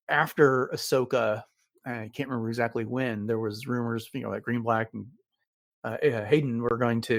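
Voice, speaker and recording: A man co-hosting a podcast in relaxed, easygoing talk, with a middle-pitched voice. His delivery is keen and chatty and full of little "uh"s. The sound is close and dry, with no room around it. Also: dry recording. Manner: enthusiastic fan, relaxed with fillers. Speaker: podcast co-host. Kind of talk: casual chat.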